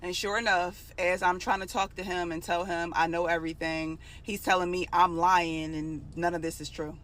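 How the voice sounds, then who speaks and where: A woman's voice: lowish voice, flat delivery, normal speed, fairly bright tone. A young adult woman telling a personal story in a casual, emotional, conversational way.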